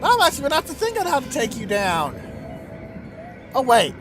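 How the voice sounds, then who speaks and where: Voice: high voice, wildly swooping pitch, a little fast. A let's-play host talks through a strategy game in a casual, wry way, the voice swinging widely up and down. When something goes wrong, the talk turns into incredulous, repeated questions. Faint game music plays underneath. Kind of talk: casual gameplay commentary.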